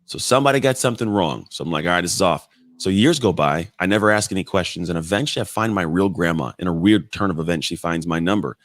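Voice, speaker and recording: A man in his thirties, a podcast guest, telling personal stories in an animated, blunt way with casual swearing. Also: low-pitched, fast talker, few pauses, no echo. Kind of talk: casual storytelling in conversation.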